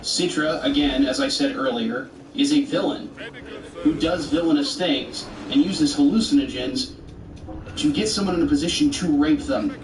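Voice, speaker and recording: A man rants back at a video in a sarcastic, exasperated tone, his voice sitting a little high for a man. He sounds set back from the mic in a roomy space, with a faint hiss of noise underneath. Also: moderate pace, far from the mic. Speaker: commentator rebutting a video. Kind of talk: argumentative commentary.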